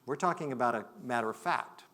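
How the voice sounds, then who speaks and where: A man giving a conference talk, telling a story in a reflective way that moves between loud and hushed. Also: mid-range voice, fast. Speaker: conference speaker. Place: conference hall.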